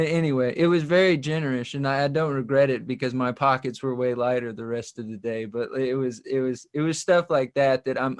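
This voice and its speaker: A man's voice: mid-range voice, clean tone. Rambling country musician man. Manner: rambling, self-deprecating, laughs often. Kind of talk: casual interview storytelling.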